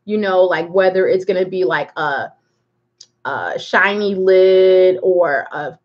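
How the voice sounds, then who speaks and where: A woman's voice: on the low side, slow pace, dull audio. Chatty woman rambling through a makeup stream. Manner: rambling, chatty, greets viewers by name. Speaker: makeup livestream host. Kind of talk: casual live makeup tutorial chat.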